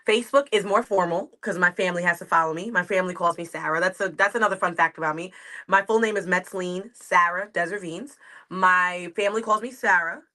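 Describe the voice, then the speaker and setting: A New York-accented American woman with a lowish, brisk, sharp-toned voice. She's a comedian guesting on a video-call interview, chatting casually, rambling and laughing easily.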